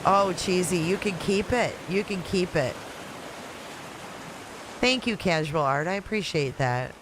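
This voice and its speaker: A woman's voice: on the low side, lively intonation, measured pace, noisy background. A woman with a Michigan accent hosting a casual livestream, chatting and answering viewer comments one after another. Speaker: livestream host. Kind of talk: casual live-chat stream. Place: at home in Florida riding out a hurricane.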